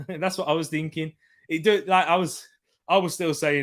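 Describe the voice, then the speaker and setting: A man's voice: a little high, steady tone, moderate pace, a bit bright. Rambling man hosting a football watchalong. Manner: rambling, repeats himself, reads out chat comments. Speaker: host of a football watchalong stream. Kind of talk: casual live match commentary and chat.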